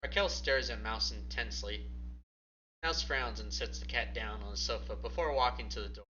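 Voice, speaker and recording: A man narrating a second-person story in a casual, relaxed way, on a dull lo-fi recording. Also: fairly low pitch, normal speed. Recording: dull lo-fi mic with faint hum.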